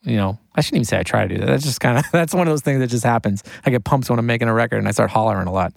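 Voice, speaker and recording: Excitable man, dry studio mic. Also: medium pitch, gravelly, no room sound. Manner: excitable, quick, laughs often, says like a lot. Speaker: record producer and engineer. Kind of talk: casual podcast interview.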